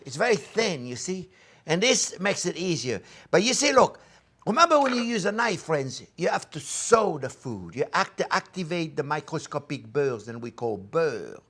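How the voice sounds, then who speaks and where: A man's voice: high-pitched, a bit bright. An older man hosting a cooking demonstration, enthusiastic and coaxing, talking straight to viewers as his friends. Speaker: chef and cooking show host.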